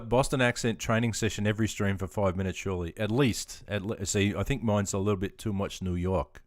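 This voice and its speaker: An Australian man streaming live, chatting casually in a relaxed, rambling way with frequent ums and chuckles. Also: lowish voice, a little fast, no echo.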